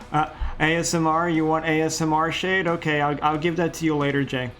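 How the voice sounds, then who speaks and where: A man's voice: on the high side, flat delivery, moderate pace, fairly bright tone, faint music behind. A man chatting casually with his live-stream chat, laid-back and swearing offhandedly.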